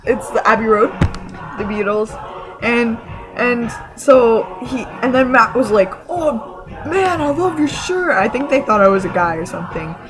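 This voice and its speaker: Excitable rambling woman vlogger, high voice. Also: normal speed, music in the background, low-quality recording. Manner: excited, rambling, full of fillers and restarts. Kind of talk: casual storytelling to camera.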